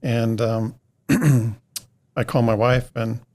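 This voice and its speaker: Taking it slowly, a middle-aged podcast guest tells a long story in relaxed conversation, wandering along and imitating what each person said. He has a medium-pitched, slightly mellow voice with a steady tone.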